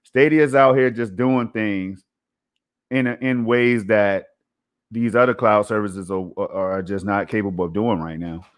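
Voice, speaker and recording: Co-hosting a casual gaming podcast, a man speaks a little slowly in a low-ish, steady voice. He talks emphatically and conversationally, frequently dropping in "man" and "you know."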